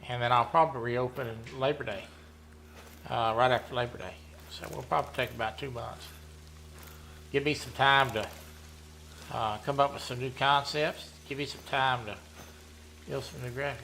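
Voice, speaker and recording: A man, chatting casually while playing a hunting game, rambling and often clearing his throat. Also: medium pitch, fairly even intonation, moderate pace, pauses often, sharp tone, slight background noise. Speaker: gaming streamer running a members' community.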